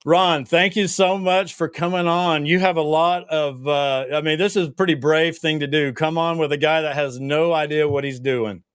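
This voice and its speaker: A man's voice: a little high, fairly even intonation, moderate pace, hardly any pauses, clean tone, no echo, clean studio sound. A man with a Southern US accent hosting a casual interview, hesitant and self-deprecating with lots of fillers. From Tennessee. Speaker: podcast host.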